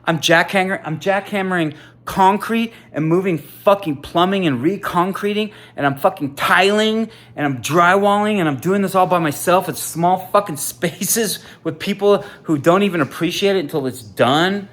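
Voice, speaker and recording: A man in his fifties, a contractor, swearing constantly in a personal rant to camera, swinging from loud outbursts to quiet musing. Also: high voice, moderate pace, few pauses. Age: 50s. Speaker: contractor and aspiring sandwich maker.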